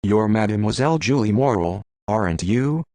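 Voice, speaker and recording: Male reader doing a mysterious messenger, curt, insistent, low voice, dry sound. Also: lively intonation, moderate pace, dark tone, dry recording, lightly acted.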